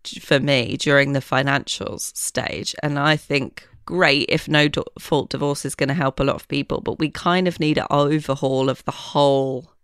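A woman's voice: rumbling low, steady tone, normal speed, hardly any pauses, fairly bright tone, smooth, no room sound, studio quality. A woman hosting an interview, chatty and sharing her own experiences with her guest. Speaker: host. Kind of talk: interview conversation.

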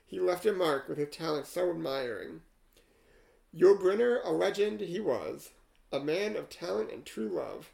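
A man co-hosting a podcast, casually chatting and reading a rhyming poem aloud with deadpan, wry asides. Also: sits high, unhurried, creaky, low-quality recording. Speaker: podcast co-host.

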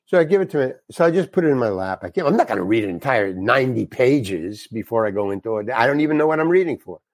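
An older man, a guest actor, telling a frank, animated story and acting out the dialogue in it. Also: mid-range voice, fast, dry recording. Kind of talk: anecdotal storytelling.

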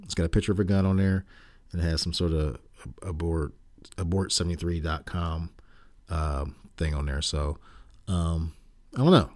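A man's voice: low voice, steady tone, darkish tone. A man co-hosting a podcast, chatting casually with lots of fillers and restarts, and joking around with his co-host. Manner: halting, many fillers and restarts; teasing, jokey banter. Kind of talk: casual chat.

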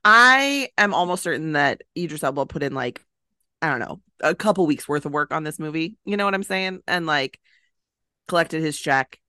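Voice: mid-range voice, lively intonation, normal speed, bright, forceful tone, dry recording. A podcast co-host chatting casually about a movie with wry, dry understatement. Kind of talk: casual movie-review chat.

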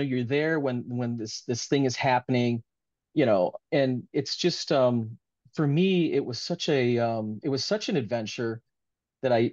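A man's voice: mid-range voice, darkish tone, no echo, muffled recording. Man, author in an interview, earnest, rambling, heartfelt, dry close sound. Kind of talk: casual interview talk.

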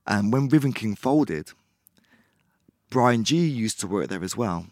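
A man, chatting casually as an interview guest, relaxed and rambling with many fillers. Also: fairly low pitch, slow pace, no room sound, studio quality. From Bristol, England. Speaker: guest musician.

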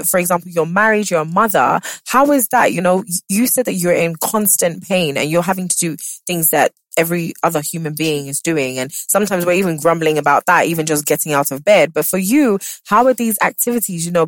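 A young woman hosting a podcast, emotional and warm in a casual heartfelt chat, often restarting her sentences and acting out quotes in lively voices. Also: fairly low pitch, no room sound. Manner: emotional, halting restarts, animated quoting. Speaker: podcast host.

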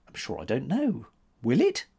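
A man's voice: huge pitch swings, gravelly, dark tone, breathy edge, heavily acted. A man voicing a spirited, defiant young woman sculptor who talks in a raised, teasing voice. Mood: playful. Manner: teasing, quick-tempered, higher voice.

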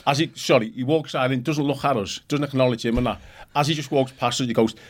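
Man, middle-aged, quick rambling storyteller, mid-pitched voice, swears a lot. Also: a little hiss or hum. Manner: rambling, swears freely, acts out quotes. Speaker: podcast guest, former footballer. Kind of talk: casual storytelling chat.

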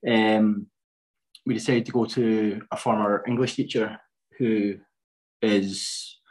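A man's voice: on the low side, steady tone, takes it slowly, a little mellow, rough recording. A young man in his twenties, a podcast guest chatting casually, with many fillers and restarts. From Scotland. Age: 20s. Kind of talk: casual chat.

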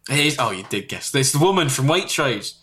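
A man tells a comic tale with plenty of animation, his bright voice swinging up and down as he goes. He keeps breaking into loud put-on voices for the people in his story. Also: medium pitch, fairly quick. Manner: animated, shouts and squeals when quoting others. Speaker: storyteller on a comedy podcast.

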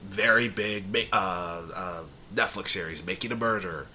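A man's voice: sits low, moderate pace, sharp tone, a little hiss or hum. A young man co-hosting a podcast in casual chat, chatty, laughing often and trailing off mid-sentence. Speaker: podcast co-host.

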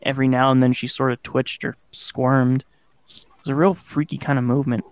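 A man's voice: medium pitch, little pitch movement, fairly quick, no echo. A man hosting a podcast, casually narrating a scary childhood story and swearing now and then. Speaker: podcast host.

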